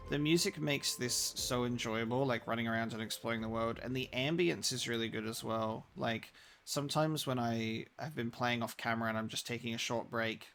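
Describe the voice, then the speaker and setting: A man's voice: medium pitch, creaky, a bit bright. A young man chatting casually while live-streaming a game, rambling with many restarts.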